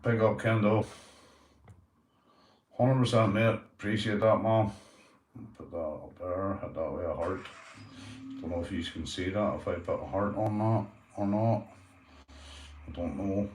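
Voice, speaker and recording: A man's voice: on the low side, steady tone, measured pace, pauses often, a little mellow. A man with a Northern Irish accent chatting casually on a livestream, swearing freely and calling everyone mate. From Northern Ireland. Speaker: YouTube livestreamer. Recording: roomy echoey room sound.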